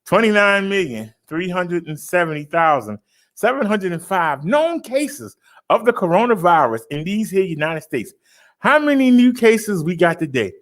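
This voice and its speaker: A man hosting a casual livestream, announcing numbers in a showy, drawn-out way and chatting with viewers. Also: sits high, big pitch swings, a bit bright. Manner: chatty, addresses viewers as y'all. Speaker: livestream host reading daily stats.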